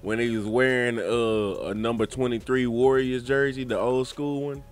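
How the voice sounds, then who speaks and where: A man's voice: medium pitch, moderate pace, clean tone, faint music behind. A man hosting a podcast in casual, profane chat, acting out quotes with gusto. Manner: animated, profane, quotes clips with relish. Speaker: podcast host.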